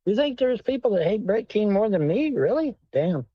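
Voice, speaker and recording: A man's voice: high voice, big pitch swings, normal speed, no echo. A man hosting a casual livestream chat, rambling and swearing bluntly as he talks with callers. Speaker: livestream host. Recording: dull lo-fi sound.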